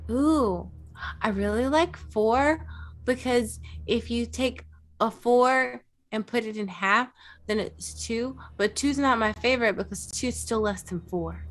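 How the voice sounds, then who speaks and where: A woman's voice: a little high, slow pace, voice pushed down. A woman voicing a quirky, childlike young female companion who muses simply in a tabletop game. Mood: musing.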